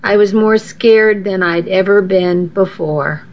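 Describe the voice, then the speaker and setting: A woman's voice: mid-range voice, takes it slowly. A woman narrating a first-person story in an earnest, storytelling way, on a dull lo-fi recording. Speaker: audiobook narrator.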